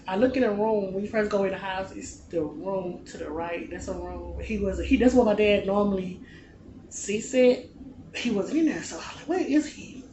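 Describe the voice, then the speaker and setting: A man in his late twenties telling a personal story to his vlog audience in a relaxed, conversational way, often dropping into a soft, low-key delivery. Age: late 20s. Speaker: vlogger. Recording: echoey room with loud background noise.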